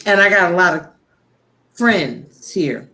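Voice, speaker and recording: A woman's voice: fairly low pitch, lively intonation, bright, forceful tone. A woman speaking about faith on a talk show in a heartfelt, preachy way, salted with blunt profanity. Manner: impassioned, preachy, frank with profanity; slow, deliberate delivery.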